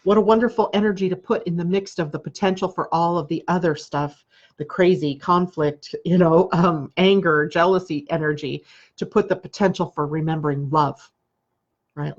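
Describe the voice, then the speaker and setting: A woman astrologer hosting a live stream, talking calmly and repetitively, often checking in with "right?". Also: fairly low pitch, muffled recording. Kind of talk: live-streamed spiritual talk.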